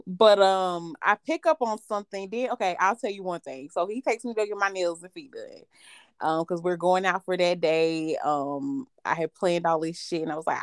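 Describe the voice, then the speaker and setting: A woman's voice: fairly low pitch, smooth, no room sound, clean studio sound. A woman in her thirties, co-hosting a podcast, tells a long profane story in casual chat and laughs often as she talks. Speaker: podcast co-host.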